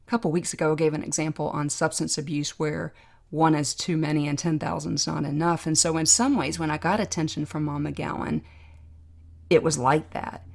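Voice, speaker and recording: A middle-aged woman hosting a podcast, telling a personal story in a reflective, emotional way with pauses. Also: sits low, fairly even intonation, gravelly. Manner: reflective, emotional, pausing to remember. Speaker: podcast host, trauma doctor.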